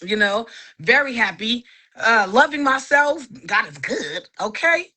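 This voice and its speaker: Woman, podcast chat, higher bright voice, animated, quick to laugh, emphatic testimony. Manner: animated, laughs often between phrases; faith-filled testimony, emphatic repetition. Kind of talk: casual chat.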